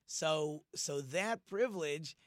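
Guy with a fairly high voice teaching a torah class, lively, acts out the lines, dry close sound. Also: takes it slowly, no echo. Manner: animated, acts out quoted speech in different voices. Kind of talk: informal Bible lesson.

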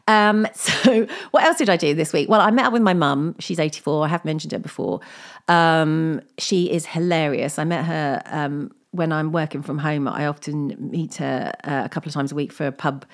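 A middle-aged woman hosting a casual solo podcast, telling rambling anecdotes and laughing often. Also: low-pitched. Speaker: podcast host.

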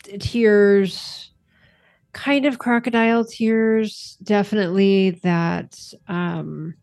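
Slow mellow-voiced woman player. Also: mid-range voice, fairly even intonation. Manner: hesitant, many fillers. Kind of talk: casual tabletop play.

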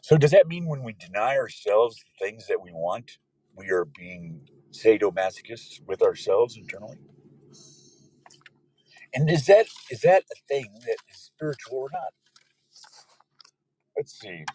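A man hosting a loose, joking chat show, rambling and now and then bursting into loud put-on voices. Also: lowish voice, sing-song, a little slow, long pauses, breathy edge, poor audio. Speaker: podcast host. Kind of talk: rambling casual chat with listeners.

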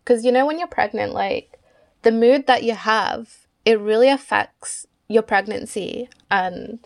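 A woman in a casual podcast chat, speaking in a measured, reflective way. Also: on the high side, gravelly.

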